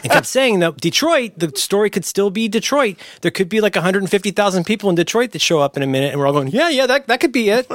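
A man with a high, lively voice talks in a loose, rambling way, breaking into little acted-out quotes. His delivery swings all over the place, and the sound is close and dry. He comes across as a podcast guest in easy, casual chat. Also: quick pace, few pauses, no echo. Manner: rambling and jokey, acts out quotes in a higher voice.

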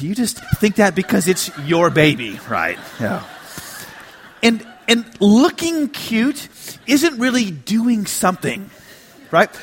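A middle-aged pastor with a high-pitched voice preaches a sermon full of humorous stories. He shifts between quiet asides and emphatic lines.

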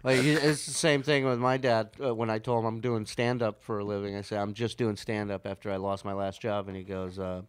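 A man's voice: lowish voice, little pitch movement, brisk, hardly any pauses, clean tone. A man, a comedian co-hosting a podcast, trading jokes in casual banter. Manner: joking, wisecracking. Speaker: co-host, comedian.

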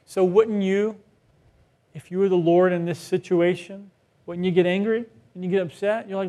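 A man's voice: high voice, fairly even intonation, normal speed, mellow. A middle-aged male pastor giving a conversational sermon, asking rhetorical questions and acting out quoted voices.

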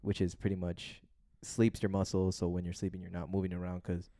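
A man's voice: low-pitched, monotone, a little fast, warm tone, no room sound, clean studio sound. A young man co-hosting a podcast, telling a long story in a loose, rambling way full of fillers and swearing. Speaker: podcast co-host. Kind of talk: casual chat.

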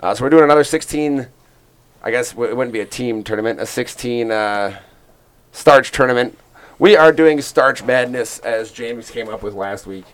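A man's voice: mid-range voice, normal speed, smooth. A young man hosting a casual sports podcast, rambling and joking with lots of fillers and restarts. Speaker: podcast host.

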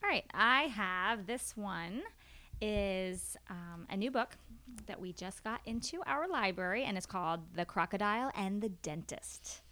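A woman's voice: medium pitch, expressive, unhurried, sharp tone. A woman co-hosting a casual library podcast, chatting and reading picture-book lines aloud with plenty of giggles.

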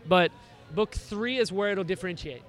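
High-voiced man telling stories excitedly. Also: moderate pace. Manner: excited, animated storytelling with acted-out quotes. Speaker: podcast conversation partner. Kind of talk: casual chat.

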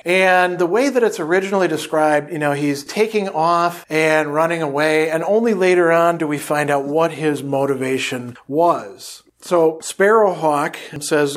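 A man's voice: fairly high pitch, a bit bright. A man giving a literature lecture in a conversational way, reading passages aloud with light emphasis.

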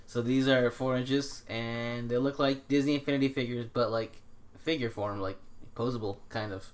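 A man's voice: mid-range voice, steady tone, moderate pace. A man hosting a casual podcast, telling stories in a mocking, profane way and laughing as he talks. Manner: profane, mocking storyteller who laughs while talking. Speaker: podcast host. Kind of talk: casual chat.

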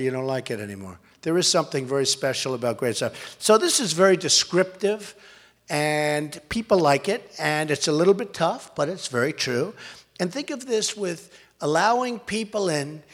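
A man's voice: a little high, expressive, moderate pace, fairly bright tone. An older man giving a campaign rally speech in a large school hall, talking in an emphatic, repetitive and rambling way. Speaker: political candidate.

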